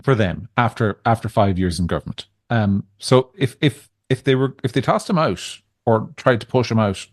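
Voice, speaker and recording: A man co-hosting a political podcast, giving measured opinions in casual chat with frequent restarts. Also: on the low side, no room sound, studio quality. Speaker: podcast co-host.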